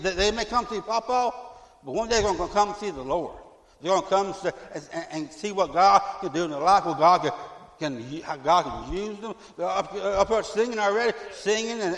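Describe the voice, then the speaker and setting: Middle-aged male pastor, slightly high voice, fervent repetitive sermon, long church reverb. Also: expressive, normal speed. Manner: fervent, repetitive, swinging from loud to hushed. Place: church sanctuary. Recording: echoey church hall.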